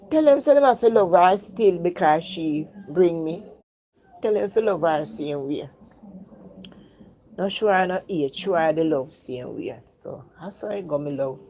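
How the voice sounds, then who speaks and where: An older Jamaican woman with a low, deep voice tells her own life story in patois. She is reflective and sinks into a hushed tone over memories of loved ones. The recording sounds dull and muffled. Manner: Jamaican Patois speech, reflective, voice drops low and soft when remembering the dead. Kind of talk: personal storytelling.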